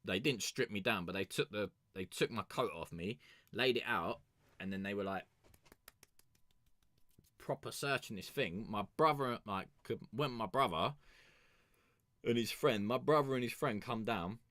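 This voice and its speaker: A man's voice: on the low side, moderate pace, pauses often, a bit bright, no room sound. A young man hosting a music review stream, telling a rambling, sweary story in a casual chat.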